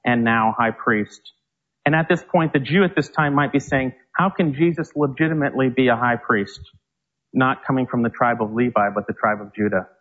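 A male preacher giving a Bible teaching sermon, reading scripture slowly and with emphasis. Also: mid-range voice, a bit bright, muffled recording. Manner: slow, emphatic verse reading.

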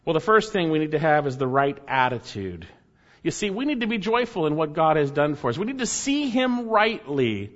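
A man preaching a sermon as pastor, emphatic, repeating key phrases and slowing down to stress words. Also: on the high side, big pitch swings, fairly bright tone, in a large hall, highs cut off.

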